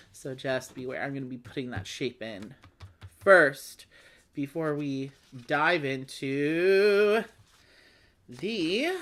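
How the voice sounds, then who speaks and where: A woman hosting a live board game play-along, chatting casually through the rules and clearly amused by the puns. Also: deep voice.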